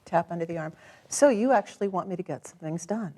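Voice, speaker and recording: Calm encouraging woman coach. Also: on the low side, fast talker. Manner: calm, encouraging, gently directive. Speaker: tapping coach. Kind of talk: guided coaching session.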